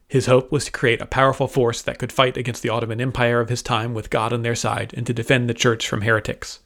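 A man's voice: mid-range voice, natural voice. A man voicing a nobleman who gives a formal, pious speech to a crowd in an audio serial story. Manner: formal, declaiming. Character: male nobleman giving a pious public speech.

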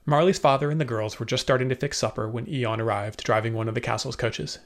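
A man narrating an audiobook with steady storytelling. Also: mid-range voice, quick pace.

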